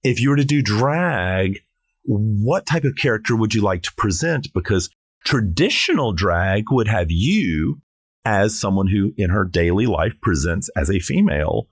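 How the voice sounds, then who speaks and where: A man's voice: on the low side, lively intonation, unhurried, no echo, studio quality. A middle-aged man from South Carolina, a drag performer chatting on a podcast in a playful, theatrical, jokey way. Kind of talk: casual podcast chat.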